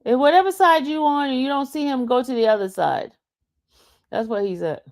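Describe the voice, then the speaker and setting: A woman's voice: sits high, fairly quick, darkish tone, dry recording, studio quality. A woman hosting a casual livestream, reading chat comments aloud and taunting a commenter. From New York. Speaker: livestream host.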